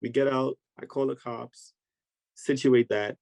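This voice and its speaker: A man recounts a story with real energy, jumping into the voices of the people in it. His voice sits at an ordinary middle pitch. The recording is close and dry, with no room sound around him. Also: fairly even intonation, unhurried, creaky, a little mellow, no echo, poor audio. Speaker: podcast guest. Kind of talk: animated storytelling in conversation.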